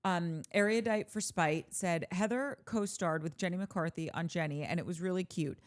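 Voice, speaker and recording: Brief: woman podcast co-host, lower-pitched voice, lively asides while reading fan comments. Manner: animated, quick asides between readings. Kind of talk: casual chat, reading listener comments aloud.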